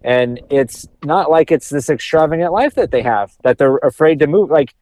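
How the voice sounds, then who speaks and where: A man's voice: fairly high pitch, lively intonation, moderate pace, a little mellow. A man co-hosting a podcast in casual chat, rambling with many restarts and repeated words, swearing now and then. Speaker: podcast co-host.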